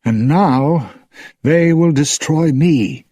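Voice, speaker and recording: A man's voice: a little high, slow, warm tone, slightly rough, no room sound, studio quality, voice pushed up. A man voicing a nervous, scheming ship commander muttering to himself. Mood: fretful.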